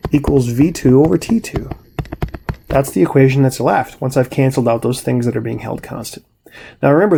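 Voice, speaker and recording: A man walks through a chemistry lesson in a relaxed, chatty teaching voice with a gravelly edge. His tone is dark and mellow. A faint hiss sits under the recording. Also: medium pitch. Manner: relaxed, conversational explaining with frequent "right?" and "all right". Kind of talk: recorded classroom lecture.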